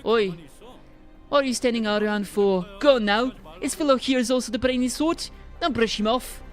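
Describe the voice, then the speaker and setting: A woman voicing a brash, hot-tempered young man who shouts orders at others while reading a game's story aloud. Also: fairly high pitch, moderate pace, soft background music, lightly acted. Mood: bossy. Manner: shouting, rough and bossy.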